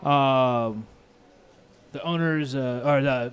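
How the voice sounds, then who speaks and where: Man, Midwestern accent, restaurant owner, casual storytelling, animated, profane, lapel mic. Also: medium pitch, a little fast. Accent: Midwestern American. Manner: animated storyteller, swears freely, acts out both sides of arguments. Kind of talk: casual chat.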